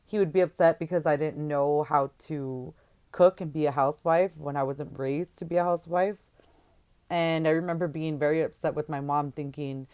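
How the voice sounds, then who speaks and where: A woman with a low, clear, smooth voice tells her own story in a halting, conversational way. She pauses often on fillers and restarts her sentences. When she quotes others, her voice rises and gets louder. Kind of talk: candid personal testimony.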